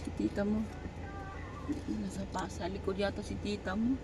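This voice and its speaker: Brisk and mid-range, this woman's voice shows little pitch movement. Waiting near a clinic outdoors, the young Filipino mom chats on her vlog in mixed Tagalog and English, sweet-talking and scolding her toddler by turns. The recording carries heavy traffic noise from passing vehicles.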